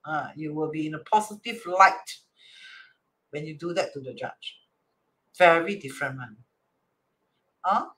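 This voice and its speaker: Explaining a divination chart reading, this Singaporean-accented teacher speaks at medium pitch, a little slowly, with frequent pauses. The tone is bright, forceful and animated; quoted dialogue gets acted out, Chinese and Hokkien words slip in, and "right?" comes up often.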